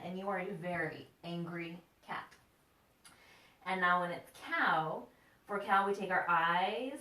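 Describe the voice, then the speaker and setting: Her medium-pitched voice is bright and forceful as she playfully cheers on children through yoga poses and breathing exercises. The mic sits far from her in a room full of echo.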